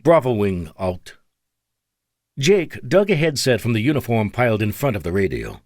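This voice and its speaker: A man's voice: mid-range voice, wildly swooping pitch, a little fast, no echo. A man narrating an audiobook in dramatic, scripted storytelling on a close studio mic.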